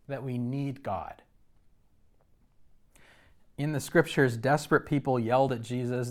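A man preaching a sermon, telling personal stories in an earnest way with frequent restarts. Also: medium pitch. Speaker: pastor.

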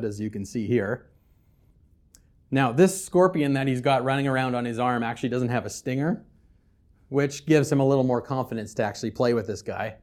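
A man preaching a sermon as pastor, swinging between loud, emphatic scripture reading and quiet, conversational asides with humor. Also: medium pitch. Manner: conversational, with casual fillers and humor.

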